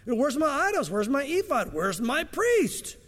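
Brief: a man playing a whiny robbed idol-keeper, high and plaintive, long reverb. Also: very animated, unhurried, a bit bright, heavily acted. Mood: whining. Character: upset old male idol-keeper, whining.

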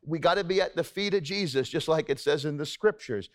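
A man's voice: fairly high pitch, fairly quick. A man preaching a sermon to a congregation, talking in a casual, conversational way and checking in with "okay?" asides. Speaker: pastor.

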